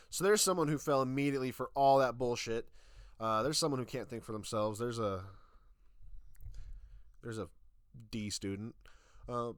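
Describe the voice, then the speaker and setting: A man's voice: mid-range voice, normal speed, pauses often, no echo. A young man rants in a sarcastic, exasperated tone and swears freely. His voice sits in the middle range. The room is dry and close. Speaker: YouTube reviewer. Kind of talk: ranting commentary.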